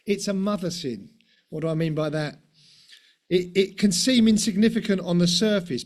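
A man's voice: high voice, a little mellow. A middle-aged man preaching a conversational sermon, posing rhetorical questions and tag questions, with the odd self-deprecating aside.

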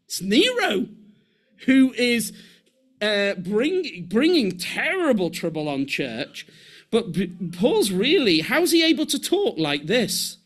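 A man preaching a sermon with animated delivery, restarting phrases and acting out quoted voices. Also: high voice, takes it slowly.

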